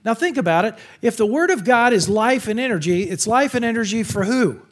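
A middle-aged man preaching a sermon to college students, animated and jokey, slipping into funny voices for the people he mocks. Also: extremely high pitch, brisk. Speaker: campus pastor.

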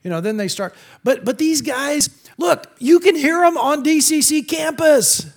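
A middle-aged man preaching a sermon to college students, animated and jokey, slipping into funny voices for the people he mocks. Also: extremely high pitch, unhurried, gravelly. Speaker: campus pastor.

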